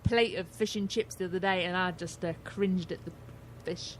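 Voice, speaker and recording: A middle-aged English woman co-hosting a radio show in casual banter, blunt and quick to swear. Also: fairly low pitch, fairly even intonation, a little hiss or hum. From England. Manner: blunt, swears freely, laughs often.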